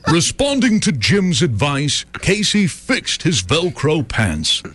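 Male comic, slow and theatrical, big swooping pitch, mock-epic verse recital, dry close sound. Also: wildly swooping pitch, fairly bright tone, husky. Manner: mock-epic poetic delivery with rhythmic pauses. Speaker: comedian. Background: audience laughter.

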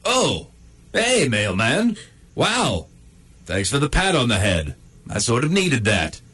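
A man's voice: medium pitch, wildly swooping pitch, slow, a bit bright, breathy edge. A man voicing a grumpy, sarcastic male dog stuck in a cone, in a comedic inner monologue. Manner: sardonic, self-pitying and crude.

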